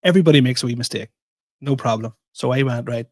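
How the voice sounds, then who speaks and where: Animated man telling a story. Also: mid-range voice, fast talker, no room sound. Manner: animated, self-mocking storyteller. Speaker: podcast co-host. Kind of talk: casual storytelling chat.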